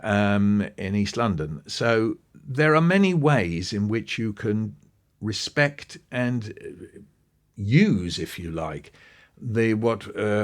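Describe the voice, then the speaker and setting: A man with a slightly low voice, interviewed about teaching and speaking easily, as if chatting. He builds his points through stories and brief acted-out quotes, and he often circles back with restarts and asides while he thinks. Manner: animated storytelling, acting out quoted voices. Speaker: guest speaking on education. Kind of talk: relaxed conversational interview.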